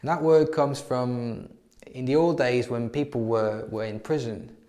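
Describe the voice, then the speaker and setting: A man's voice: medium pitch, fairly even intonation, measured pace, warm tone. A man teaching English to learners in a casual spoken lesson, talking with frequent restarts and repeated words.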